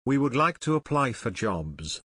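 A man's voice: mid-range voice, very animated, measured pace, fairly bright tone, breathy edge, no room sound, full character voice. Male reader playing a polite, confident teen girl, dry sound. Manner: polite and poised.

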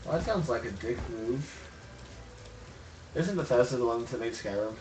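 A man's voice: medium pitch, lively intonation, normal speed, a little mellow, slight background noise, poor audio. A man hosting a game stream, chatting casually in a joking, laid-back way and swearing freely. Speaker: streamer host playing a city-building game. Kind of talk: casual chat.

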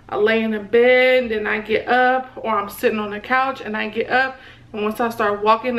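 A young woman chats casually to her vlog viewers, calling them "y'all" again and again. She sounds out of breath. Her voice sits fairly high and stays flat in pitch. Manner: chatty, repeatedly addressing viewers as "y'all". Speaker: vlogger.

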